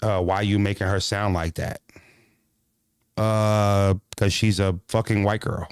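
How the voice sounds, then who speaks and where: A man's voice: on the low side, fairly even intonation, a little slow, clean tone, no echo. A man vlogging in a casual comedic monologue, profane and rambling, laughing often as he jokes.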